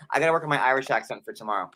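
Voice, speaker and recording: A man's voice: medium pitch, bright, forceful tone, a little hiss or hum. A man hosting a casual livestream from a desk at home, talking in a chatty, sarcastic way full of "like". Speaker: host.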